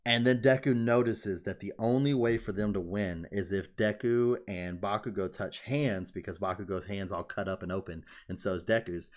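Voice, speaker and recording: A man with a fairly low voice talks casually on a podcast. He gets excited, swears a lot and scatters "like" through his sentences. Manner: excited, swears freely, many "like" fillers. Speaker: podcast co-host.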